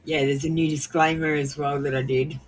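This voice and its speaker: A woman's voice: low-pitched, flat delivery, fairly quick, faint music behind. An Australian woman hosting a live stream, chatting casually and rambling with frequent ums and laughs.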